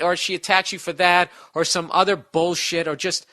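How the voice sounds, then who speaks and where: A man's voice: sits high, flat delivery, moderate pace, sharp tone. A man hosting a podcast, giving blunt, profane advice in a rambling, casual rant.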